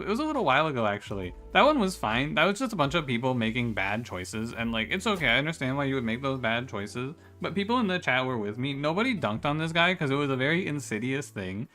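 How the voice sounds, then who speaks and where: A man's voice: medium pitch, sharp tone. A man casually chatting with his stream chat while playing a strategy game, swearing freely and laughing as he talks. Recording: faint music behind the voice.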